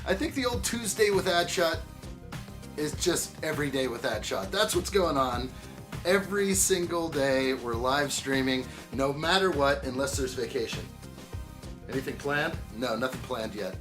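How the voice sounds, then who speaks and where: A man's voice: mid-range voice, expressive, moderate pace, music in the background. A man hosting a building live stream, chatting in an upbeat way and greeting viewers by name. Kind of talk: casual live-stream chat while building.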